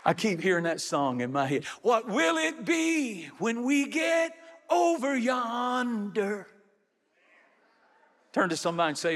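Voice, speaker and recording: Middle-aged man, pastor. High, stirring sermon delivery in a reverberant church hall. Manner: preaching, rising to shouts, drawn-out phrases. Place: large church sanctuary. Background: congregation.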